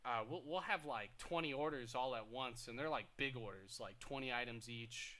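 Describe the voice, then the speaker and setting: A young man co-hosting a podcast, telling work stories in casual chat, getting loud and animated when he quotes people. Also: medium pitch, normal speed. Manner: animated, rises loud when quoting people, stammers restarts. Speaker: podcast co-host.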